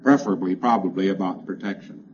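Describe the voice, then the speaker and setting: A man giving a plainspoken, emphatic lecture to a congress, repeating phrases that trail off quieter each time. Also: low voice, fast. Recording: dull, hissy old lecture recording.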